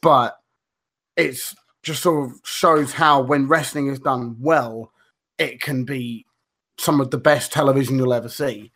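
A man chatting loosely on a podcast. He rambles, backtracks and swears freely, filling gaps with ums and uhs. His voice sits at an ordinary middle pitch. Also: steady tone, measured pace, fairly bright tone. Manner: rambling, swears freely, many fillers and restarts. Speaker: podcast co-host. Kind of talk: casual podcast chat.

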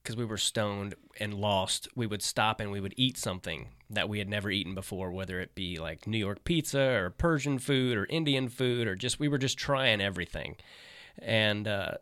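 A man's voice: on the low side, moderate pace, a bit bright, smooth, no echo, clean studio sound. A middle-aged man, a stand-up comedian, telling a story in casual, laid-back chat, swearing and livening up when he quotes friends.

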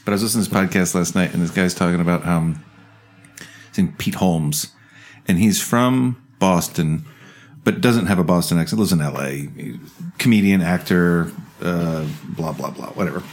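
Rambling, laughing man, low voice. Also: normal speed, a little mellow. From South Jersey. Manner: rambling, laughing, restarts thoughts. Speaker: podcast co-host. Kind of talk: casual chat.

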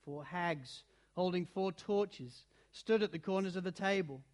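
Male storybook narrator, high-pitched, expressive and dramatic. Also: measured pace. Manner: expressive, dramatic, shifting between loud and hushed. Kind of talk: storybook reading aloud.

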